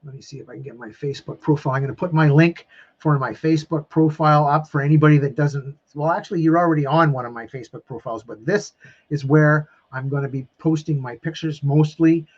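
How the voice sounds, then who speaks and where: A man's voice: a little high, steady tone, quick pace, muffled recording. A man coaching viewers on a live stream, emphatic and emotional, repeating phrases and calling them his friends. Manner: openly emotional and effusive.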